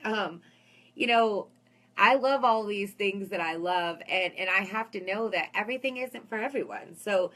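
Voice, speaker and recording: A woman's voice: medium pitch, moderate pace, fairly bright tone. A woman in her thirties chatting casually to camera as a spiritual vlogger, upbeat and calling her viewers "guys".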